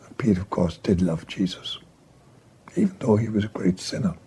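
A man preaching a sermon in a breathy voice that often drops to a whisper, emphatic, swinging from hushed to raised. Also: on the low side, animated, normal speed, long pauses.

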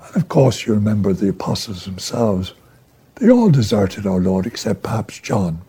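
A man preaching a sermon in a breathy voice that often drops to a whisper, emphatic, swinging from hushed to raised. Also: fairly low pitch, sing-song, normal speed.

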